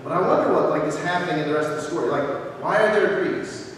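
A man's voice: fairly high pitch, fast. A man preaching a sermon as a pastor, conversational and repetitive with playful asides. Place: church sanctuary. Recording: echoey church from far off, faint hiss.

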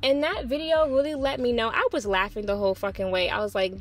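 A woman's voice: a little high, fairly even intonation, quick pace, hardly any pauses, soft background music. A woman giving blunt, profane, exasperated pop culture commentary on her own. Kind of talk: opinionated solo commentary.

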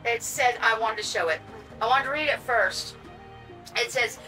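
High, bright, gushing woman. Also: normal speed, pauses often, soft background music, low-quality recording. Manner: gushing, excitable, talks to her audience and pets. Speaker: vlogger unboxing reborn dolls. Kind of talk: casual unboxing vlog.

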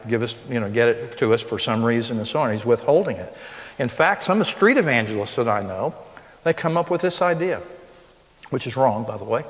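A man preaching a sermon to a live audience, emphatic, with his voice rising sharply on the points he stresses. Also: medium pitch. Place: school hall with live audience. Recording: long reverb of a large hall.

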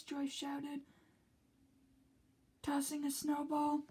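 A woman reads a children's story aloud in a high, light voice. She takes her time, unhurried and gentle. Much of the narration falls to a soft whisper. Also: little pitch movement, a little hiss or hum, poor audio. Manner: slow and soft, often drops to a whisper. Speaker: reader of a children's book.

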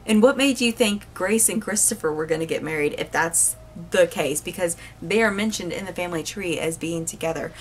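Woman, casual book reviewer, animated, exasperated, rambling, quick to laugh. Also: medium pitch, slight background noise.

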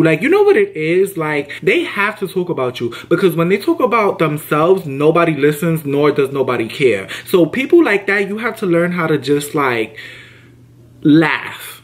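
A young man telling a casual storytime to camera, slangy and emphatic, often jumping his pitch up high to act out what people said. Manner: animated, slangy and emphatic, acts out quotes with big pitch jumps. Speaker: vlogger.

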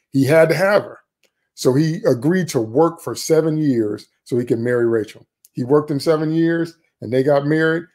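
A man preaching a sermon, retelling a scripture story in a folksy, conversational way and jumping up in pitch when voicing the characters. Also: darkish tone.

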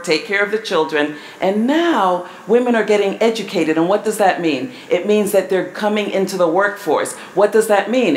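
Slow, lively woman in an echoey hall. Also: medium pitch. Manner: measured, asks the audience questions. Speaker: family seminar presenter. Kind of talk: live seminar talk to an audience. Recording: echoey hall with faint room noise.

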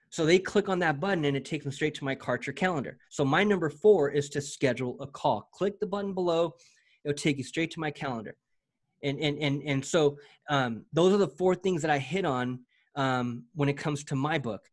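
Energetic slangy man, slightly high voice. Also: normal speed. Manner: energetic, slangy, repeats words often. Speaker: presenter demoing software. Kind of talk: casual walkthrough chat.

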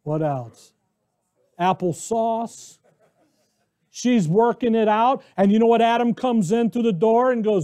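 An American man preaching a conversational, animated sermon who acts out the voices of biblical characters. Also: very high voice, unhurried, pauses often. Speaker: pastor.

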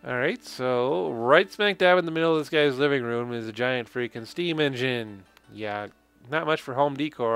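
A man's voice: medium pitch, normal speed, gravelly, a bit bright, clean tone, soft background music. Sarcastic man doing game commentary. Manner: joking, sarcastic, laughs often. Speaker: let's play commentator.

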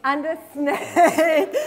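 A middle-aged woman leads a live teacher-training workshop in a conference room, demonstrating storytelling with flashcards. Lively and encouraging, she praises the audience and draws out words slowly as she repeats them, in a very high-pitched voice.

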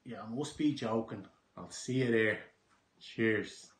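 A man recording a relaxed, jokey birthday greeting to his father. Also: on the low side, unhurried, roomy sound. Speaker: son sending a birthday message.

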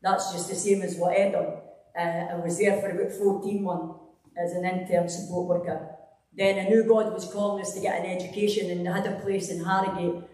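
A woman's voice: lowish voice, flat delivery, fairly quick, darkish tone. A Scottish woman giving a rambling, conversational church testimony, full of fillers and restarts. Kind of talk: personal testimony in a church service. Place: church hall. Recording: echoey hall, distant mic.

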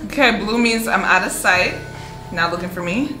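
A woman's voice: mid-range voice, normal speed. A young woman streaming a horror game, jumpy and easily frightened, exclaiming, talking herself through it and laughing nervously. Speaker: gaming streamer. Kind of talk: frightened live gameplay commentary. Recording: roomy echo. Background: game music.

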